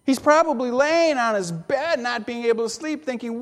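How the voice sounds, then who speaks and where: Animated preacher in a reverberant hall. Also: high-pitched, normal speed, creaky, hardly any pauses. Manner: animated storytelling with rhetorical questions and wry asides. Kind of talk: sermon.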